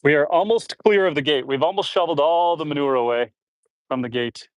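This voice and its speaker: A homestead livestreamer from Canada talks briskly and casually to viewers on a phone, reading comments as he works outdoors on his farm. The recording is dry and close, and his voice is a little high for a man. He runs a bit out of breath, grunting and sighing between loads.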